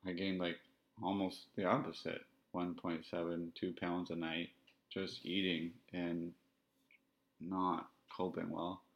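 Deep-voiced reflective man. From Canada. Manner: reflective, halting, candid. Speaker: podcast host. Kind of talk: personal storytelling monologue. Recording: dull lo-fi sound.

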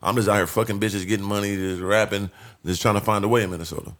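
A man telling a story as a podcast guest in animated street slang, full of profanity, acting out what people said. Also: lowish voice, quick pace. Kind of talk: casual storytelling.

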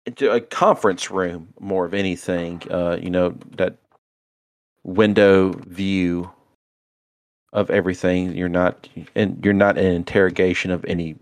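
Man, game master, deep voice, unhurried, hesitant, dry. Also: fairly even intonation, dry recording. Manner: hesitant, lots of fillers. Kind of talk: narrating a tabletop game.

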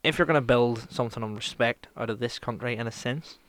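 A man's voice: medium pitch, fairly bright tone, no echo. A man from Northern Ireland with a Northern Irish accent, co-hosting a podcast in a rambling casual chat full of swearing. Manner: rambling, swears a lot, quick to laugh. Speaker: podcast co-host.

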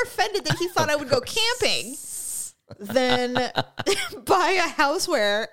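Woman, 40s, podcast co-host: animated storyteller, slips into voices for quotes. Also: sits high, takes it slowly, crowd noise. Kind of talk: casual chat.

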